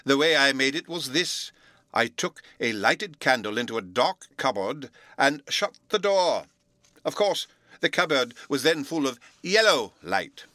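A man reading a storybook aloud, voicing a fussy, absent-minded old male professor who lectures in a slow, pompous way. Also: mid-range voice, sing-song, pushed and bright, dry recording, pitched above the performer's own voice. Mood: pompous lecturing.

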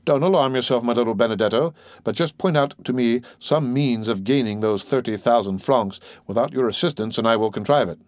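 A man's voice: mid-range voice, fairly quick, no room sound, natural voice. A man voicing a cunning, greedy ex-convict of fifty in a storybook reading, wheedling and grasping, his voice lifted above his own. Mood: sly. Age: 50s.

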